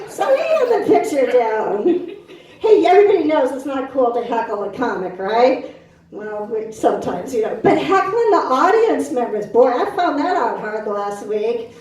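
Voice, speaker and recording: A woman's voice: on the high side, sing-song, moderate pace, a little mellow. A middle-aged woman doing a stand-up set on a club stage, punchy and brash, bantering with the crowd. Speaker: stand-up comic. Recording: very echoey club from a distance.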